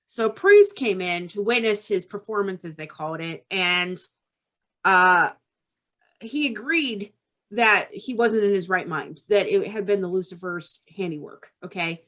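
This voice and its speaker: A woman's voice: medium pitch, normal speed, a bit bright. A woman hosting a podcast, telling a true-crime story casually and tagging her lines with "okay?". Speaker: podcast host.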